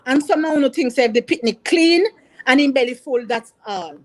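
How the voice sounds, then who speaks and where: High-voiced Jamaican woman lecturing parents. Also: expressive, moderate pace, low-quality recording. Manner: emphatic, repeats points, mixes patois. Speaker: teacher. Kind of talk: impassioned talk to parents.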